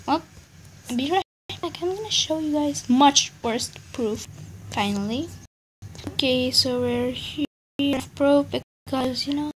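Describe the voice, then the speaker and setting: A young woman with a high voice commentates on a game, talking slowly and ranting in annoyance between muttered asides. Faint noise sits under her home mic. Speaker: gaming channel host.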